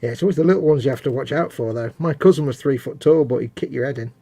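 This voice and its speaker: A man's voice: medium pitch, fast talker, mellow, husky. A man from England hosting a live stream while building a model kit, chatting casually with dry, self-mocking jokes.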